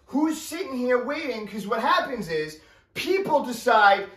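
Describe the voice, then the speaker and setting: A man telling a comedic story as a rant, animated and exasperated, acting out the other people in the story in quick character voices. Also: extremely high pitch. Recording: roomy sound from a distant mic.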